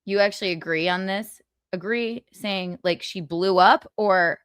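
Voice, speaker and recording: A woman's voice: mid-range voice, measured pace, fairly bright tone, clear, resonant tone, dry recording, clean studio sound. A woman hosting a live gossip stream in casual chat, blunt and sarcastic, swearing freely. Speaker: livestream host.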